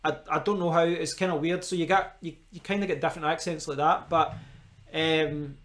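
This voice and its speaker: A man's voice: a little high, steady tone, fairly quick, a bit bright. A Scottish man from Scotland chatting casually on a live stream, rambling with frequent restarts. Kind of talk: casual chat.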